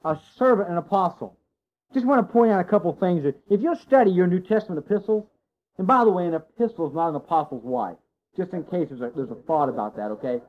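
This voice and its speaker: A man preaching a sermon to his congregation, folksy and animated, full of rhetorical questions. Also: high voice, quick pace. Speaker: pastor. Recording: dull lo-fi sound.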